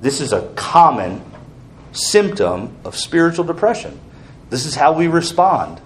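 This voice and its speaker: A man's voice: fairly high pitch, sing-song, unhurried, a little hiss or hum. A man preaching an earnest sermon as pastor, asking the congregation questions.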